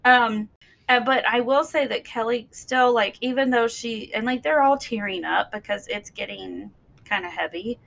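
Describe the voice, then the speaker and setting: A woman's voice: on the high side, moderate pace, gravelly, fairly bright tone, a little hiss or hum, low-quality recording. A woman co-hosting a podcast in casual chat, chatty and sarcastic, rambling through a story. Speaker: podcast co-host.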